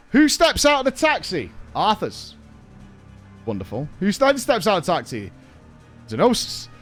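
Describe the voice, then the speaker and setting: A man streaming, telling a story in a casual, animated way, swearing and laughing along. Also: high-pitched.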